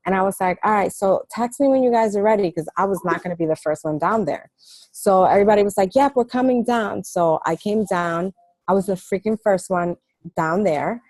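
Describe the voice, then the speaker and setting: A woman's voice: mid-range voice, a little mellow, no room sound. A woman coaching on a team call, telling stories in a chatty way with many fillers. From New York. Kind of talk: casual team call talk.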